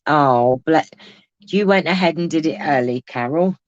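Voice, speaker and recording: A woman's voice: low voice, measured pace, no room sound. Woman, craft livestream host, chatty, teasing; dry, lo-fi home recording. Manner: chatty, reads out viewer comments, teasing asides. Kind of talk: casual livestream craft tutorial.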